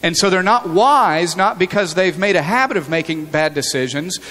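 Male pastor, fairly high voice, earnest conversational sermon, church hall reverb. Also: expressive, moderate pace, sharp tone. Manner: earnest, conversational preaching with frequent restarts. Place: church sanctuary.

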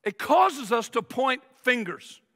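Male pastor, sermon delivery, high, bright and raspy, emphatic, big echoing sanctuary. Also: sing-song, takes it slowly. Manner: emphatic preaching, acts out whiny voices. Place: large church sanctuary. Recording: long reverb of a church hall.

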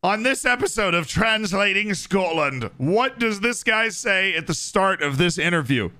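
Excitable high-voiced male streamer. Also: a little slow. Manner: excitable, laughing banter. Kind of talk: casual live-stream chat.

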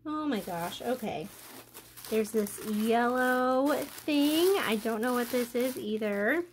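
A young woman chatting casually as she unboxes a craft package, gushing and excited, gasping often. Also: fairly high pitch, slow, a little hiss or hum. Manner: gushing, excited, many gasps and "oh my gosh". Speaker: craft vlogger.

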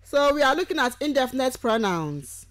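A woman's voice: high voice, sing-song, no room sound. A woman university lecturer giving a radio lecture on grammar, going through examples one word at a time. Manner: slow, deliberate, lists examples one by one. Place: radio studio.

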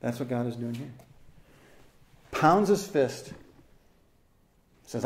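This pastor delivers an expository sermon in a medium-pitched voice with lively intonation, speaking slowly with long pauses. He is earnest and emphatic, repeating phrases for stress and asking his listeners questions directly.

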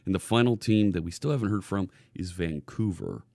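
Chatty man with a low, gravelly voice. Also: expressive, a little fast, warm tone, no room sound. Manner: chatty, greets chat viewers by name, restarts phrases. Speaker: live-stream coding host. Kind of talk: casual live-stream chat. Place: home studio with green screen. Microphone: hidden desk microphone.

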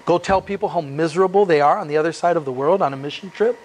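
Guy preaching at church, kinda high voice, reads the bible then riffs on it casually, lots of rhetorical questions. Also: fast talker. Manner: reads scripture then adds casual, joking asides. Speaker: pastor. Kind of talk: expository sermon.

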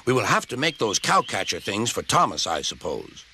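A man's voice: on the low side, huge pitch swings, moderate pace, bright, forceful tone, slight background noise, heavily acted. A man voicing a firm, decisive older male railway boss with a pompous manner. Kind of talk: storybook character voice.

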